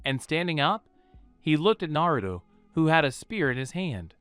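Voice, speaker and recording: Smooth-voiced male story narrator. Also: a little high, moderate pace, no echo, faint music behind. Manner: steady storytelling reading. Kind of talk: scripted narration of a fan story.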